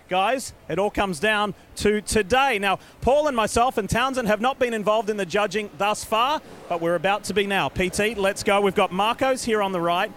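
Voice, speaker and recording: A man's voice: high voice, fairly bright tone, slight background noise. Upbeat Australian man hosting. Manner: upbeat, quick emcee patter. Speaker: broadcast host. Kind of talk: live motorsport broadcast hosting.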